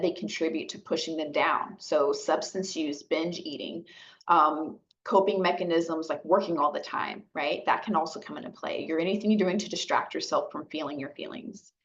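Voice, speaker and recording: A woman outreach specialist giving a gentle, conversational educational talk, often checking in with her listeners. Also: deep voice, highs cut off. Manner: gentle, conversational, frequent "right?" and "okay?" checks.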